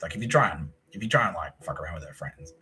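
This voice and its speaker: A man's voice: low voice, animated, fast, pushed and bright, a little hiss or hum, low-quality recording. A man with an Australian accent hosting a solo podcast, telling a long profane story in a rambling way and mimicking people he quotes. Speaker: podcast host.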